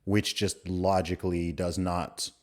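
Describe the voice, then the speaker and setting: A man's voice: low voice, little pitch movement, unhurried, darkish tone. A man hosting a podcast conversation, talking emphatically and repeating his points. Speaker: podcast host. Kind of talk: casual conversation.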